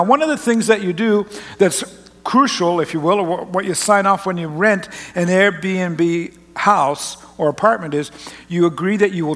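A man preaches in a folksy, chatty way, breaking off and restarting as he tells a story. His voice sits a bit high for a man. The sound carries the long reverb of a large church auditorium. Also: fairly bright tone. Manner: folksy, rambling, self-interrupting. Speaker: pastor. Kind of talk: sermon with personal story.

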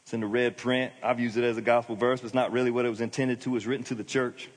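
Long reverb from the church hall surrounds this middle-aged pastor's sermon. He speaks quickly in a mid-range, level tone, keeping his preaching conversational but emphatic.

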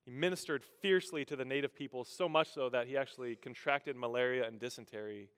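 A man preaching a sermon as pastor, telling a story with playful asides and hushed, solemn drops. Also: fast talker, clear, resonant tone. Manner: animated, self-deprecating humor, drops low and quiet for solemn moments. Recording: long hall reverb.

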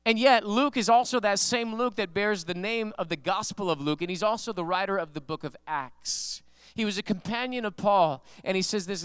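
A male pastor preaching a sermon, animated and conversational, telling stories with emphatic rises in his voice. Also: sits high, clear, resonant tone, dry recording, studio quality.

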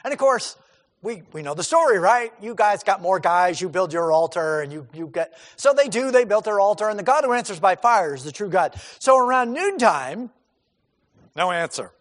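A male pastor delivering a sermon with emphatic, rhetorical questions and repeated words for stress. His voice is high and very lively in pitch, and it rings with the long reverb of a big hall. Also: normal speed.

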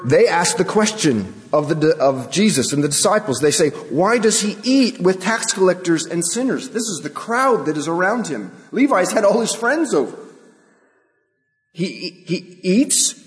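Male pastor, higher-pitched, emphatic sermon delivery, long reverb. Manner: rhetorical questions, emphatic.

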